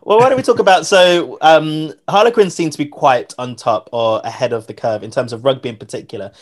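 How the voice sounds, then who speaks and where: A man hosting a podcast, careful to clarify his points in a casual conversation. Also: fairly high pitch. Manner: careful, clarifying, quick-talking. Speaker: podcast host.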